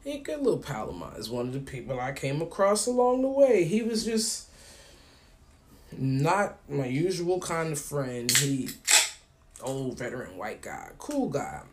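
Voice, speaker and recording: A man's voice: fairly high pitch, very animated, a little slow, a little hiss or hum. A man hosting his own podcast, talking casually in a loose, rambling way. He tells stories and acts out both sides of phone calls. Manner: loose and colloquial, with frequent slang. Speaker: podcast host. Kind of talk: casual monologue.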